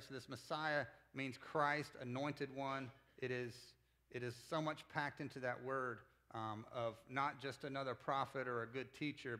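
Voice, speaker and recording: A man's voice: medium pitch, a bit bright. A man preaching a sermon in a conversational way, retelling a Bible passage and acting out the disciples in casual speech. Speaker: pastor.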